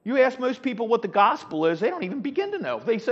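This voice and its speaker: A middle-aged man teaching a Sunday school class, animated, with rhetorical questions and frequent restarts. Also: very high voice, quick pace, husky. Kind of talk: Bible teaching. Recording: dull lo-fi sound with long hall reverb.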